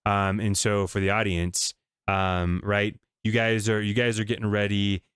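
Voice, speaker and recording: Male interview host, resonant low voice, dry close recording, encouraging tone. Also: level tone, unhurried, a bit bright, clean tone, dry recording. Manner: supportive, frequent short affirmations. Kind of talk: conversational interview.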